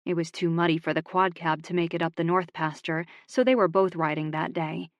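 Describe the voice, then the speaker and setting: Low-voiced woman reading a romance. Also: no echo, muffled recording. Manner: steady, measured reading. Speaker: audiobook narrator. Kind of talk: scripted romance narration.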